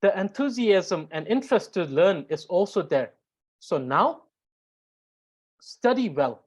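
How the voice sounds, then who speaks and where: A woman's voice: fairly low pitch, animated, slow pace, a little mellow, slightly rough. A woman teaching a grammar lesson, explaining step by step with frequent fillers and repetition. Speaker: language teacher.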